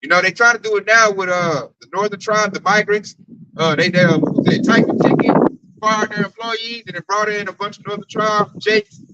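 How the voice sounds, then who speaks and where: High, bright-voiced man talking animatedly. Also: brisk, muffled recording. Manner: animated, slangy, repeats "man" often. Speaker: camp group member. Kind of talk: casual group discussion.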